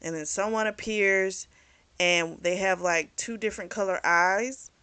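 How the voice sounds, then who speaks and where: A woman's voice: mid-range voice, measured pace, bright, forceful tone, smooth, no echo. A woman reviewing a book in a casual recap, rambling with plenty of fillers and blunt swearing. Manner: rambling, frank, swears freely, lots of fillers.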